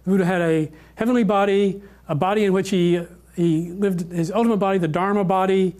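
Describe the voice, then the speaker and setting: High-voiced male lecturer, informal. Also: fairly even intonation, fairly quick, darkish tone. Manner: hesitant, with many fillers and restarts.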